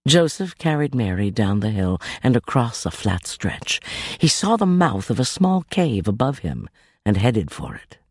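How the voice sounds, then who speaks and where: A man narrating a scripted story in an expressive, measured way. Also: mid-range voice, no echo, clean studio sound.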